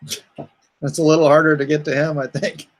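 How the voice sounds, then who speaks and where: A man with an ordinary mid-pitched voice chats casually, teasing and laughing often as a guest. His talk is relaxed and jokey. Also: quick pace, poor audio. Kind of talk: casual chat.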